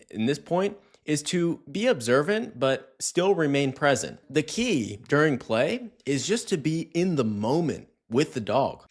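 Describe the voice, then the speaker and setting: A young man teaches dog owners how to play with their dogs, his voice sitting at an ordinary middle pitch. He talks casually, with loose fillers, and repeats his key points for emphasis. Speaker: dog trainer. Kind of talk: instructional talk to camera.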